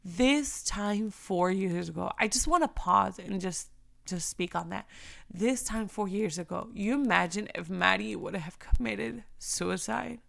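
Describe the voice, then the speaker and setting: A young woman giving a heartfelt, emotional faith talk, speaking earnestly and moving between near-whispers and loud emphasis. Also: medium pitch, unhurried, vocal fry.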